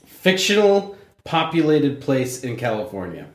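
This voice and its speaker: A man's voice: medium pitch, big pitch swings, measured pace. A man hosting a casual podcast chat, laid-back as he thanks listeners and signs off. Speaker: podcast host. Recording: echoey room.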